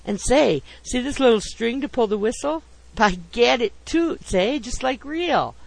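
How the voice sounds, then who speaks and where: Man reading as a chatty dad gone boyish over toys, high voice, gravelly edge. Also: lively intonation, normal speed, dry recording, heavily acted, rough recording. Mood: eager. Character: cheerful middle-aged man, boyish over toy trains.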